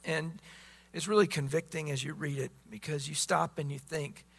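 A man's voice: on the high side, fairly even intonation, moderate pace, gravelly, a bit bright, breathy edge. A man preaching a sermon as pastor, emphatic, often repeating words as he presses his points.

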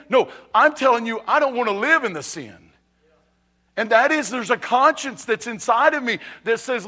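A man preaches to his congregation in a high, light voice. He talks conversationally, restarts phrases and keeps asking if they are ready. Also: lively intonation, normal speed, pushed and bright. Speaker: pastor. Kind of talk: sermon. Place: church sanctuary.

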